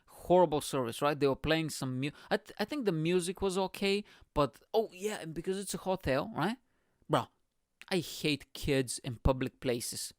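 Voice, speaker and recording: Male podcast host, animated swearing rant, dry close sound. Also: a little high, moderate pace, dry recording. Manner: animated, profane, slangy storytelling with frequent "bro". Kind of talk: casual ranting monologue.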